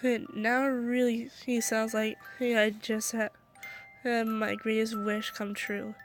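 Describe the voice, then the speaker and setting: A woman's voice: on the high side, level tone, takes it slowly, faint music behind. A young woman reading a fan story aloud into her phone, stumbling and restarting often, her throat scratchy. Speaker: story reader.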